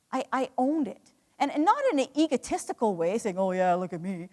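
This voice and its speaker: A woman's voice: on the high side, big pitch swings, fairly quick, darkish tone. A woman giving an earnest, emotional motivational talk to a live audience, telling her story with many restarts. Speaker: speaker. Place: hall. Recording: echoey hall.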